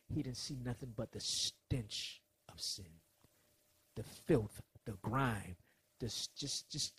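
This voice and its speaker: A man preaching a sermon, swinging between soft lines and loud ones as he acts out quotes. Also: mid-range voice, breathy edge, no room sound.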